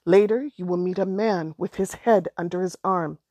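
A woman voicing a mysterious old woman who calmly gives advice in a storybook. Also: lowish voice, normal speed, no echo, clean studio sound, natural voice. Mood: grave.

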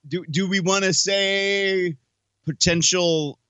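Bright-voiced man podcaster. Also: high voice, fairly even intonation, slow pace, smooth, no echo. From Northeast Pennsylvania. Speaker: podcast co-host. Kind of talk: casual wrestling chat.

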